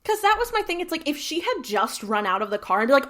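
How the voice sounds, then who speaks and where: A woman's voice: high voice, very animated, quick pace, a bit bright. A woman co-hosting a podcast, bantering bluntly and jokingly while recapping an episode. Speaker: podcast co-host. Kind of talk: casual chat recapping a TV episode.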